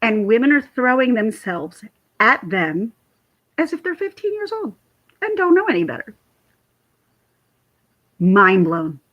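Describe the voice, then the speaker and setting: Husky-voiced woman in her forties. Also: on the high side, unhurried, long pauses, highs cut off. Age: 40s. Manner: rambling, animated storytelling. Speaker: vlogger chatting with live viewers. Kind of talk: casual livestream chat. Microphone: computer mic.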